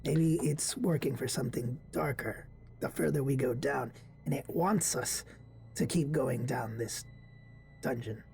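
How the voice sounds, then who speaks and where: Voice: mid-range voice, a little slow, creaky, a little mellow, breathy edge, soft background music. A player in a tabletop game, chatting casually and asking curious questions.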